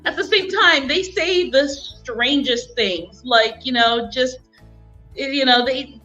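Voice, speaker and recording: A woman's voice: sits high, expressive, slow, bright, forceful tone, muffled recording, faint music behind. A woman chatting casually on a live stream, telling stories and acting out what people say, laughing often. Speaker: guest.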